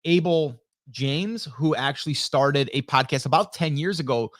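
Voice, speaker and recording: A man's voice: fairly high pitch, moderate pace, dry recording, studio quality. A middle-aged man hosting a live stream, chatting casually with lots of fillers and restarts, now and then reading viewer comments aloud. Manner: rambling, many fillers and restarts. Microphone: studio dynamic microphone.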